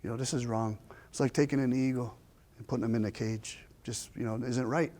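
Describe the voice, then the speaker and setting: A man voicing his gentle, thoughtful elderly grandfather in a plain, earnest way within a spoken story. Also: mid-range voice, steady tone, brisk, natural voice.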